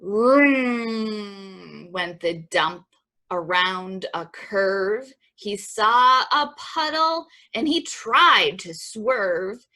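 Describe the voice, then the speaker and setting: This medium-pitched librarian reads a picture book to kids at a library program, keeping it rhythmic and expressive and chatting with them along the way.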